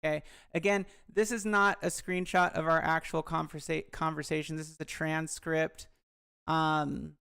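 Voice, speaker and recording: A woman's voice: low voice, vocal fry, clean tone. A woman YouTuber talking through a dispute in a casual, rambling, frank commentary vlog.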